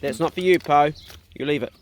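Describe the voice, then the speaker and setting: A man's voice: on the high side, fairly quick, background noise. Chatty middle-aged man outdoors. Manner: chatty, talks to his dogs, laughs at himself. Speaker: farm vlogger. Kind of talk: casual vlog chat. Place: outdoors on a farm, walking dogs.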